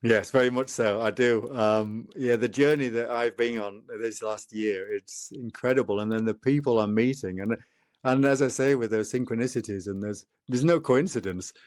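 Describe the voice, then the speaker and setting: A man in his fifties, a guest telling personal stories in a relaxed conversation and acting out the dialogue. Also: normal speed, no echo, clean studio sound. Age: 50s. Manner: animated storyteller, acts out dialogue with lively pitch jumps. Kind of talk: casual storytelling in a conversation.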